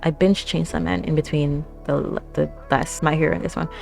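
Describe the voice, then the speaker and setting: A young woman hosting an anime reaction, talking casually with lots of fillers, gasps and excited exclamations. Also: sits low, normal speed, vocal fry, faint music behind. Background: anime episode soundtrack playing.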